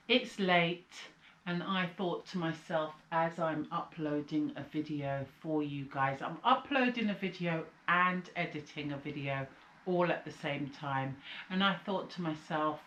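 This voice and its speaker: A woman's voice: deep voice, unhurried, a bit bright, reverberant, muffled recording. A woman from the UK chatting casually through a haul vlog, sounding tired and rambling, with a slight cold coming on. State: slight cold, sucking a lozenge. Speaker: vlogger. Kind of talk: casual chat.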